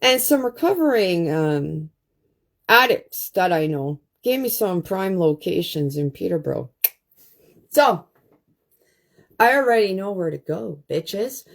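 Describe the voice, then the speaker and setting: A woman's voice: fairly low pitch, sing-song, measured pace, vocal fry, pauses often. A woman on a phone livestream, ranting bluntly to her viewers and swearing constantly. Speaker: livestream host. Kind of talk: profane ranting livestream monologue.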